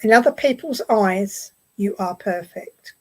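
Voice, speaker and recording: A woman with an English accent giving a clairvoyant message at a spiritualist service, gently reassuring and often repeating her phrases. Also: medium pitch, unhurried, rough recording. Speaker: medium. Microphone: online video stream.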